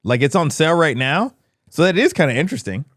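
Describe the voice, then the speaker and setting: Lively, teasing male livestream co-host. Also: fairly high pitch, fast talker, dry recording, studio quality. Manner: laughs often, teasing. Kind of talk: casual livestream chat.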